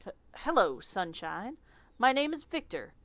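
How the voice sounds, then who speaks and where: A woman's voice: a little high, big pitch swings, measured pace, fairly bright tone, no room sound, voice pushed up, heavily acted. A woman voicing a nervous, awkward young male demon with hooves, speaking with a Southern accent and stammering. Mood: flustered. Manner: stammering, flustered.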